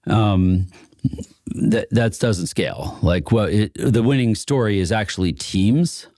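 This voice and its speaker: A man's voice: on the low side, slow pace, mellow, no room sound, studio quality. A man being interviewed as an inventor and investor, telling stories casually and laughing often between phrases. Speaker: inventor and venture capitalist guest.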